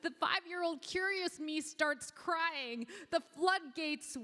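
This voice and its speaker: A woman in her forties performing spoken word poetry on stage, with deliberate, dramatic storytelling. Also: very high-pitched, bright, forceful tone. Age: 40s. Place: awards event stage. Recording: long hall reverb on stage.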